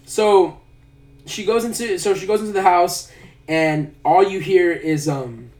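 A man's voice: high voice, unhurried, a little mellow. A man casually recapping a movie plot, rambling and hesitant with lots of fillers. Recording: roomy sound, a bit far from the mic.

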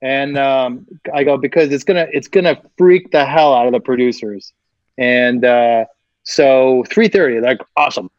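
A man, a guest actor, telling an animated anecdote and acting out the voices of the people in it, laughing often. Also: mid-range voice, moderate pace, dry recording, highs cut off.

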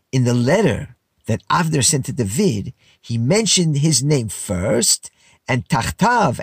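Husky man teaching a lively Bible lesson. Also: medium pitch, no room sound, clean studio sound. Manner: casual and explanatory, mixing Hebrew phrases into English.

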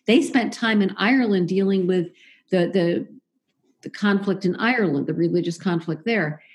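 A woman's voice: mid-range voice, darkish tone. A woman talking casually as an interview guest, chatty and opinionated, often restarting and correcting herself. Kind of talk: casual conversation.

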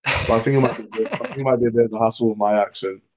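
A man's voice: mid-range voice, steady tone, very fast, a little hiss or hum. An English man co-hosting a podcast in casual chat, rambling and joking with lots of fillers, recorded remotely. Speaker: podcast co-host. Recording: dull lo-fi remote call audio.

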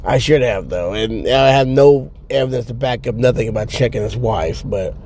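A young man with a gravelly, dry-throated voice hosting a podcast from his car, rambling and profane and laughing at his own jokes. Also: medium pitch, moderate pace, a little mellow, a little hiss or hum. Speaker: podcast host. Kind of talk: casual solo podcast rant.

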